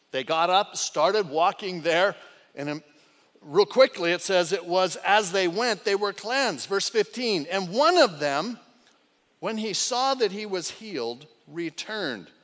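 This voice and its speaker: Guy pastor preaching, high voice, slow and drawn out, big dramatic swings loud to hushed, long echo off the church walls. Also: expressive. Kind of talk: sermon. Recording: long hall reverb.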